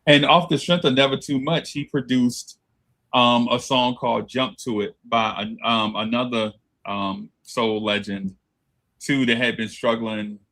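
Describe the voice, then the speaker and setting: A man telling a childhood story in casual chat, animated and acting out voices as he goes. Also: mid-range voice, unhurried. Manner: animated, laughing storyteller who acts out voices. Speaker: podcast co-host.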